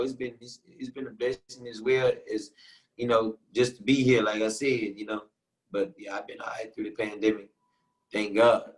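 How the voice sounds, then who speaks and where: A man's voice: mid-range voice, rough recording. A man from Houston, a guest musician in a casual interview over a video call, laid-back and rambling with lots of fillers. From Houston, Texas.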